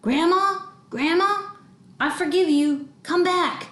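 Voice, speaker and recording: A woman voicing a restless, anxious young boy with a high, eager way of speaking. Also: little pitch movement, very fast, fairly bright tone, echoey room. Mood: pleading.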